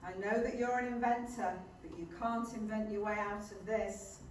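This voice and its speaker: A woman playing a kindly, elderly mother in a stage play, fond and gently chiding. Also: mid-range voice, steady tone, normal speed, slight background noise, lightly acted. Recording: echoey hall, far from mic.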